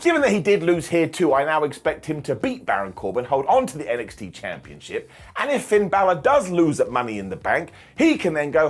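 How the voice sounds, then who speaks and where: Male host, slightly high, husky voice, animated and sarcastic review delivery. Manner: sarcastic, jokey, quick asides. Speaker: wrestling show reviewer and host. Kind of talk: animated comedic recap.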